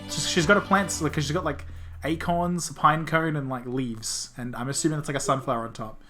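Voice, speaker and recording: A streamer chatting casually while playing a story game, laughing and swearing in quick offhand remarks. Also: mid-range voice, steady tone, fairly bright tone, soft background music.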